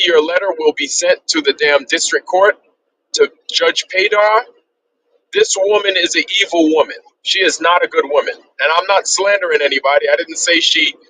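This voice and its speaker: A man's voice: a little high, bright, forceful tone, a little hiss or hum, low-quality recording. Fired-up, swearing man ranting. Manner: heated, profane, repetitive ranting. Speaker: streamer. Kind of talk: ranting livestream monologue.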